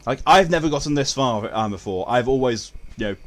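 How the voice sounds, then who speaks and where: A man's voice: mid-range voice, lively intonation, fairly quick. A young man streaming a game, joking crudely and reading out chat. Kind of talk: casual live-stream chat.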